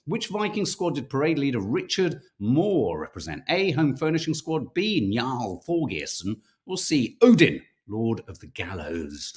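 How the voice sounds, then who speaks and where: A man's voice: mid-range voice, very animated, measured pace, few pauses. A man from the United Kingdom hosting a casual live-stream quiz for viewers, chatty and self-mocking, stumbling over names as he reads. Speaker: podcast co-host running a viewer quiz.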